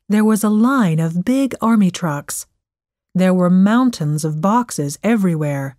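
A woman narrating a story in a clear, measured way. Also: lowish voice, lively intonation, dark tone, no echo, clean studio sound. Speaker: audiobook narrator.

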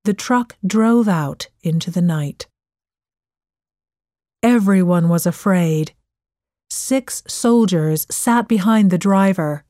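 Woman storyteller, slow measured reading, dry close sound. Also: lowish voice, dark tone, no echo. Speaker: audiobook narrator. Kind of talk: scripted story narration.

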